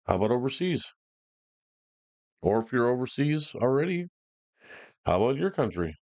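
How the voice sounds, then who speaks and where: A man casually commenting while trying out software, laid-back and joking with slangy talk. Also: medium pitch, very animated, moderate pace, no room sound.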